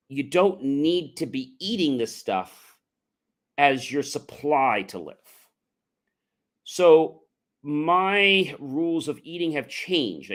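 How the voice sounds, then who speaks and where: A middle-aged man of middle pitch talks earnestly in a conversational motivational style. He pauses on fillers, then pushes words out with loud, rising emphasis. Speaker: entrepreneur podcast host. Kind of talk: motivational talk.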